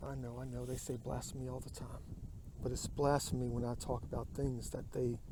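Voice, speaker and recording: A man's voice: mid-range voice, flat delivery, brisk, background noise. A man vlogging from his kayak on a lake, musing aloud into his phone and drifting into murmurs and whispers. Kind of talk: rambling outdoor vlog.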